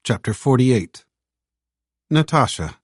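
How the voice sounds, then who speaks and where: A man reading an audiobook in measured, even, scripted narration. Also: mid-range voice, breathy edge, no room sound, studio quality.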